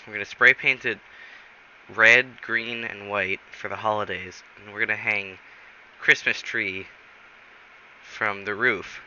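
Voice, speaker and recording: Bossy robot pal, voiced by a man, quick and loud-ish, bright tone, dull recording. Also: lowish voice, fairly even intonation, a little hiss or hum, full character voice.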